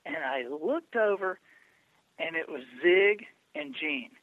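A man's voice: fairly high pitch, slow pace, no echo. Stammering male guest on a phone line. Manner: animated anecdotes with stammering restarts. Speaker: guest, public speaker. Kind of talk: storytelling interview.

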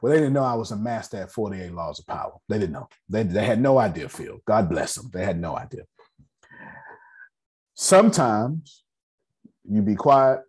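With a husky voice on the low side, this man leads a business meeting, spinning animated motivational stories for listeners. He uses casual slang, repeats words, and drops in dramatic pauses.

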